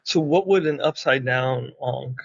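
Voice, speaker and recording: A man's voice: medium pitch, a little slow, vocal fry, highs cut off, a crowd in the background. A man playing a tabletop game, pressing with repeated, probing questions. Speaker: player. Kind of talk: tabletop game play over voice chat.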